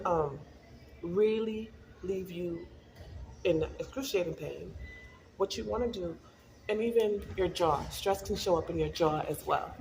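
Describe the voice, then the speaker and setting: A woman's voice: medium pitch, darkish tone, a little hiss or hum. A middle-aged woman talking casually to camera in a wellness vlog, chatty and storytelling, laughing often. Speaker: wellness vlogger.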